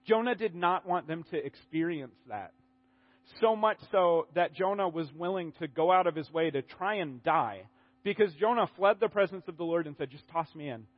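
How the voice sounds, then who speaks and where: A man preaching a sermon in a conversational, animated way, often restarting his sentences. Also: fairly high pitch, moderate pace, highs cut off.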